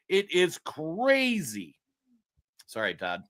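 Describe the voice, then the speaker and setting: Fired-up man, bright voice. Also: on the high side, huge pitch swings, takes it slowly. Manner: heated, raising his voice, worked up. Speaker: co-host. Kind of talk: political commentary show. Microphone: streaming studio mic.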